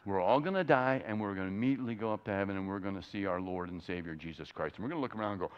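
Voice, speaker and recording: Passionate preacher with a low voice. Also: male voice, rapid-fire, few pauses, clear, resonant tone, muffled recording. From Florida, USA. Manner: passionate, emphatic, many rhetorical questions. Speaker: guest speaker. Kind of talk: sermon.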